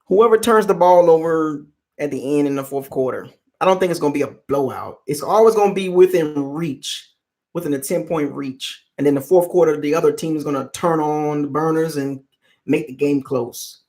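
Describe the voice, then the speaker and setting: On a live stream for his football fan channel, a host chats casually and ribs viewers in the chat. His voice is on the high side and dark in tone, at normal speed.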